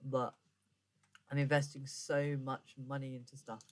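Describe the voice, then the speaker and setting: Speaking in a medium-pitched, flat, unhurried voice, a man streams games and offers rambling, casual commentary. He keeps correcting himself and trips over his words, stammering whenever he gets flustered.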